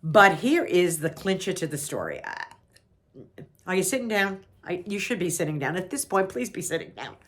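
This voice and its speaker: Chatty middle-aged woman vlogger, animated bright storyteller, laughs a lot. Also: fairly low pitch, moderate pace. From New York. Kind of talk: casual storytelling.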